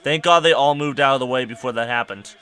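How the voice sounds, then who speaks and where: A young man hosting a podcast, ranting casually and with exasperation, his voice climbing to near-shouts. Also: mid-range voice, quick pace, clear, resonant tone. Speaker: podcast host.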